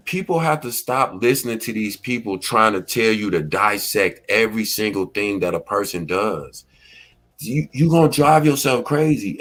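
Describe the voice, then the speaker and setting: Laid-back man, low voice, AAVE. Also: fairly bright tone. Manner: laid-back storytelling, acts out quoted lines. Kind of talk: casual commentary talk.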